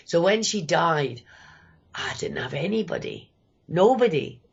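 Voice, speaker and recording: Husky Scottish woman in her fifties. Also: fairly low pitch, sing-song, measured pace, dull audio. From Scotland. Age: 50s. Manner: candid, rambling, quotes people. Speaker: guest. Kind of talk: personal storytelling.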